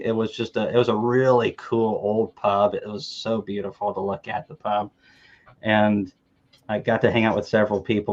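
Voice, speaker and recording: A man's voice: on the low side, lo-fi sound. Joking man from the American South. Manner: joking, rambling anecdotes with repeated restarts. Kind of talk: casual storytelling chat.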